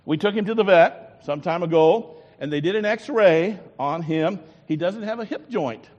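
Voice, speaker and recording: A man's voice: sits high, moderate pace, darkish tone. A blunt but kind older farmer, voiced by a male preacher, speaking plainly and patiently. His voice carries a long hall echo. The recording sounds muffled and lo-fi.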